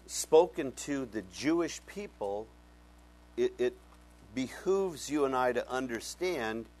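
Pastor, male, mid-pitched voice, animated and folksy Bible teacher who quizzes his congregation. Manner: animated, asks the congregation questions; conversational, folksy.

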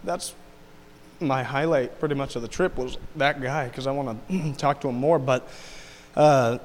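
A man's voice: medium pitch, steady tone, normal speed, slight background noise. A man recounting a trip to a group in a casual, rambling way with many restarts and laughs. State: tearful. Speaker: mission trip member. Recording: long hall reverb.

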